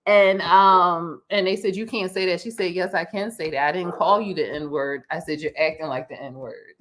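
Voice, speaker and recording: A woman's voice: on the low side, normal speed. A woman, co-hosting a casual podcast and telling stories with lots of fillers and restarts. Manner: rambling, animated storytelling with many fillers and restarts. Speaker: podcast co-host. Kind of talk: casual chat.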